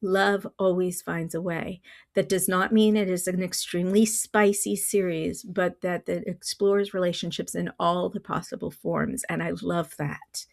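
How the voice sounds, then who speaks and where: A middle-aged woman giving an earnest, measured book review vlog with small self-corrections. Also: on the low side, steady tone, gravelly.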